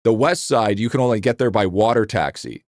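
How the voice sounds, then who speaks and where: A man hosting a live game stream, chatting casually with his chat in a rambling, profane, excitable way. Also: lowish voice, fairly quick, dry recording, studio quality.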